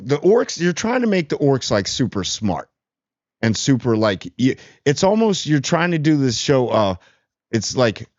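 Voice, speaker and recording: A man's voice: mid-range voice, darkish tone, dry recording, dull audio. A man hosting a casual TV spoiler review, rambling and sarcastic. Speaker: TV review channel host.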